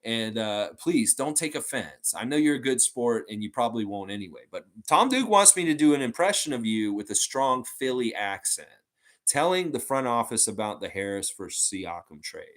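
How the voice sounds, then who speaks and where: A man's voice: medium pitch, moderate pace. A man hosting a fan channel livestream in a casual, rambling chat, reading out viewer comments and talking on at length. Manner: rambling and animated, with many fillers like "and stuff like that".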